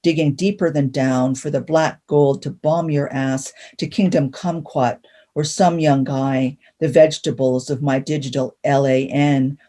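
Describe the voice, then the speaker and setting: A woman from Canada giving a measured, rhythmic reading of her own poetry. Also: a bass voice, fairly even intonation, mellow. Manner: rhythmic, measured delivery of punning verse. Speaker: poet.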